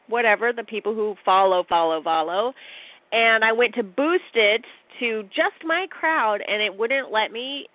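A woman's voice: a little high, no room sound. A woman hosting her own podcast, chatting casually in a bubbly, giggly, self-deprecating way. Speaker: podcast host. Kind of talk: casual solo podcast talk. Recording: tinny phone-line sound.

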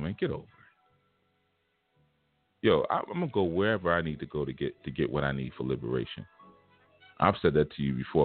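Very low-voiced man teaching spirituality, casual and emphatic, over a tinny phone-like line. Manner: casual, emphatic, vernacular preaching. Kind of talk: spiritual lecture.

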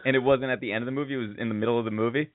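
A man's voice: medium pitch, fairly even intonation, racing, dry recording. A man hosting a radio show, chatting casually and teasing his co-host. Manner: joking, teasing. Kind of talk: casual chat. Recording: tinny phone-like sound.

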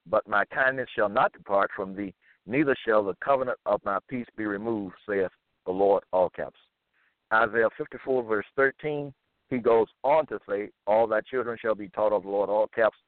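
A man reading scripture aloud and commenting on it in a slow, deliberate, repetitive way. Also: fairly low pitch, expressive, no echo. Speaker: monologue speaker. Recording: tinny phone-like line, dry.

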